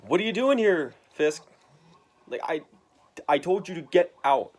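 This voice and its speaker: A man's voice: medium pitch, lively intonation, slow. A man playing a furious, profane vigilante. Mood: threatening. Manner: blunt, profane, threatening. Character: furious masked male vigilante, threatening.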